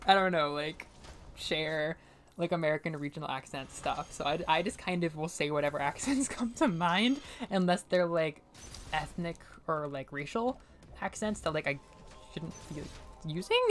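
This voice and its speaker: A young woman from New England talks through her game stream in a loose, rambling way, full of filler words and easy laughs. Her voice sits low for a woman. A faint background hiss runs under her desk-mic sound. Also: fairly bright tone. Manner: chatty, rambling, heavy on fillers and frequent laughs. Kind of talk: casual gameplay commentary.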